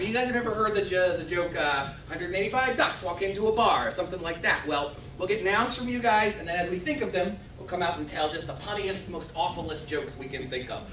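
A man's voice: high voice, animated, fairly quick, hardly any pauses, pushed and bright. Improv host man, upbeat punny teller, heard from afar in a roomy room with noise. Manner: upbeat, punny joke-telling to a crowd. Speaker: improv performer and podcast host. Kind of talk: live improv show hosting. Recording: roomy stage sound from a distant mic with noise.

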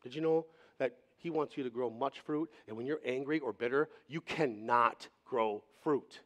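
A man's voice: medium pitch, moderate pace, a bit bright. A male pastor giving a sermon in a conversational manner, acting out quoted voices as he speaks.

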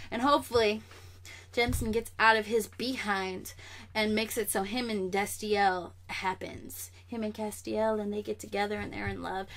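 A young woman vlogger with a mid-range voice talks comic news straight to the camera, casual, sassy, and animated.

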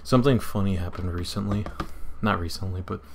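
A man's voice: deep voice, brisk, vocal fry, noisy background. A young man telling a story in casual chat, rambling, swearing and laughing as he goes. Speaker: podcast co-host.

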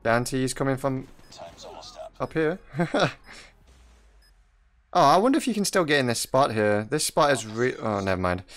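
A man's voice: medium pitch, lively intonation, unhurried, long pauses, fairly bright tone. Chatty young man commenting on gameplay. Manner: chatty, jokey, laughs often at teammates and enemies. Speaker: mobile gaming YouTuber. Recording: music playing faintly behind.

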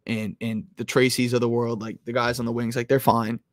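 A young man hosting a live stream about sports bets, talking casually and loudly at times, rambling with lots of "like"s and restarts close to his mic. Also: mid-range voice, fairly quick, no room sound. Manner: rambling, filler-heavy, restarts with "like"; animated, loud at times. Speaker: sports betting host.

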